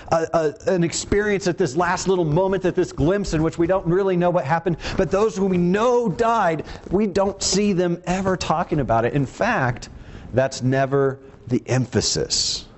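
A man's voice: sits high, a little slow. A man preaching a teaching sermon in a conversational way, acting out the quoted lines in voices of their own.

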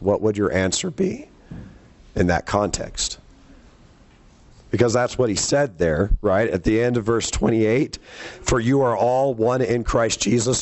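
A man with a fairly low voice leads a Bible lesson from the pulpit. He talks to the congregation conversationally and keeps putting questions to them as he works through each passage. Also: a little mellow. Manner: conversational, quizzes the listeners. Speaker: preacher. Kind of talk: sermon teaching from scripture.

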